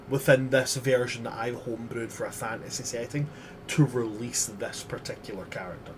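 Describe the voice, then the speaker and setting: A man's voice: medium pitch, moderate pace, a little hiss or hum. Man running a tabletop game. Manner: relaxed, casual narration with fillers. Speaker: game master.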